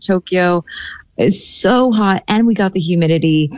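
Low-voiced woman foreign correspondent. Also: a little slow, darkish tone, no echo. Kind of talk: interview answers.

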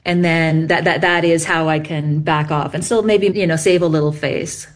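A woman's voice: low voice, fairly even intonation, moderate pace. A woman researcher patiently explaining bird behavior step by step in an interview. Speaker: bird song researcher guest.

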